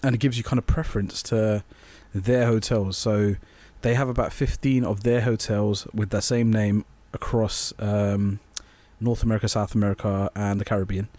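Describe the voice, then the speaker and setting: A man's voice: lowish voice, steady tone, normal speed, few pauses, dark tone. A young man co-hosting a podcast, telling a story in casual chat with swearing and bursts of laughter. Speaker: podcast co-host.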